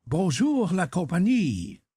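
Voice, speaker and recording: A man's voice: medium pitch, very animated, moderate pace, a little mellow, husky, no echo. A man voicing a cheerful, condescending French army officer. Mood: jaunty. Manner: gay, condescending.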